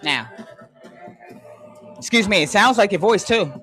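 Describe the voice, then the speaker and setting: Emphatic slow-talking livestream ranter. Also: medium pitch, animated, faint music behind. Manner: emphatic, repeats "excuse me" and "hold on" often; swings between loud and hushed, drawls key phrases. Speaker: livestream host. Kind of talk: conspiracy rant on a live stream.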